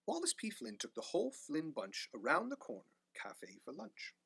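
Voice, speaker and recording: A man reading a rhyming picture book aloud with animated delivery. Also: medium pitch, moderate pace, creaky, husky, no echo. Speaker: storyteller.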